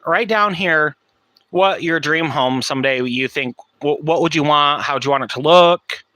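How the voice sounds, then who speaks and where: A woman's voice: sits low, normal speed, bright, forceful tone, dry recording. A man putting on a curt, dismissive schoolteacher. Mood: instructing. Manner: curt, brushing off. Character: dismissive, condescending female schoolteacher.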